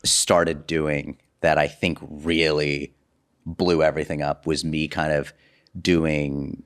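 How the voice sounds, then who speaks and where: A young man talking as a guest on a podcast, telling animated stories in casual chat with lots of "like" and "you know". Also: rumbling low, slow.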